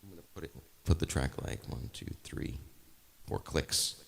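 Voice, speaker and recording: A man's voice: rumbling low, moderate pace, creaky, big-room sound, slight background noise. A man chatting casually to viewers on a music live stream, rambling with restarts.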